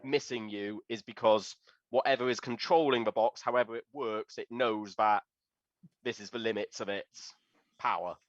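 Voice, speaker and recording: A man's voice: fairly low pitch, fairly even intonation, normal speed, dry recording. A man running a tabletop game as game master, narrating scenes descriptively with occasional hesitations, recorded on a dull, slightly lo-fi mic.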